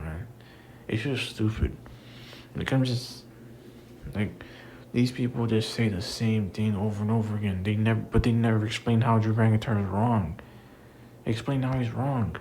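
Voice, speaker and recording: A young man rants casually to his audience in a lowish voice, circling back to the same complaints with plenty of fillers and restarts. He sounds exasperated throughout. A faint hiss sits under the recording. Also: a little mellow, low-quality recording. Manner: frustrated, repetitive, many fillers. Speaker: wrestling commentator. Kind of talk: casual rant to camera.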